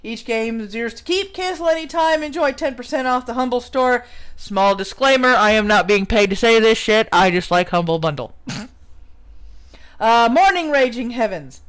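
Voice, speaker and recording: A woman with a high voice hosts a livestream. She reads a news piece aloud in a teasing, put-on English accent, stopping to laugh and chat with her audience. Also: animated, normal speed. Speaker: livestream host. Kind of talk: reading an article aloud with live commentary.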